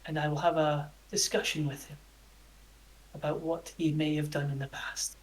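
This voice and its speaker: Brief: game master as a steady, measured camp boss in a tabletop game, mid-pitched. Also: lightly acted, rough recording. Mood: solemn. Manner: slow, careful, measured promises.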